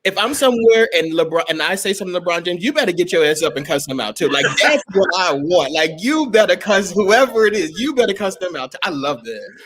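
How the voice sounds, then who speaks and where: Lively, emphatic male co-host. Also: sits high, fast. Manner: emphatic, joking. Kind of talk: casual podcast chat.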